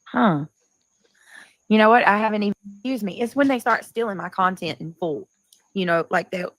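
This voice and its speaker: A woman hosting a casual livestream, talking in a rambling way and often clearing her throat. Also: mid-range voice, moderate pace, a bit bright, no room sound, low-quality recording. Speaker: livestream host.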